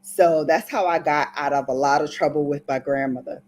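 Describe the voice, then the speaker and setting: A woman's voice: low-pitched, steady tone, normal speed, a little mellow, slight background noise. A woman from Brooklyn telling a playful, dramatic story to her viewers in a casual vlog. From Brooklyn, New York. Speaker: beauty vlogger.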